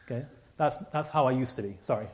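A man's voice: medium pitch, quick pace, darkish tone. A man preaching a sermon, telling a personal story with many restarts and repeats.

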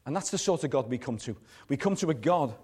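A pastor giving a live sermon in a church service, earnest and repetitive, letting his phrases fall soft at the ends. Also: mid-range voice, lively intonation, fast talker, breathy edge.

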